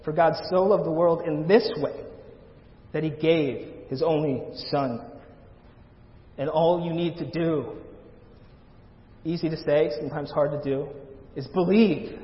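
A man's voice: on the high side, steady tone, a little slow, pauses often. A man preaching a sermon in a church, earnest and pleading, repeating his phrases for emphasis. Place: church sanctuary. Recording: echoey church hall, dull lo-fi sound.

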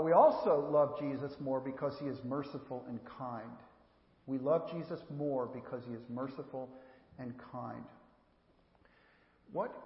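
Earnest man preaching in an echoey hall. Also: mid-range voice. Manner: earnest, repeats words for emphasis, speaks directly to children. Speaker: pastor. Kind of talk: sermon. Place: church sanctuary. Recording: echoey hall, dull lo-fi sound.

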